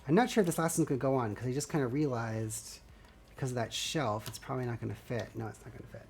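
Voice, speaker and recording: Speaking fast in an extremely low-pitched, slightly mellow voice, this woman builds LEGO live while chatting with viewers. She's rambling and friendly, and her dry throat makes her sound scratchy and a little gravelly.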